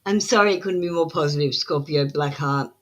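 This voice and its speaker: A woman's voice: low-pitched, brisk, dull audio. Blunt woman reading tarot cards live. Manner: flat, matter-of-fact tone; blunt and scolding with viewers. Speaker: tarot reader hosting a live stream.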